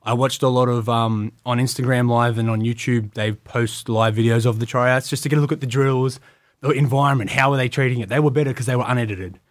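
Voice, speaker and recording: An Australian man rattles through his story at a quick clip, leaning on "like" and restarting his sentences. He sounds close and dry, with no room around him. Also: medium pitch, steady tone, no echo. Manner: rambling, many "like" fillers. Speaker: guest, wrestling tryout athlete. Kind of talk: casual storytelling interview.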